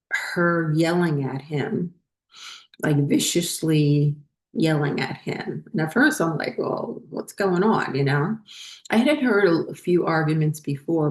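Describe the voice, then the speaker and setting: A woman with a low, deep voice recounts a personal story in a loose, meandering way, pausing on fillers and restarting her sentences. Her voice echoes around the room she is recorded in. The tone is casual and conversational. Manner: rambling, many fillers and restarts. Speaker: spiritual channel host.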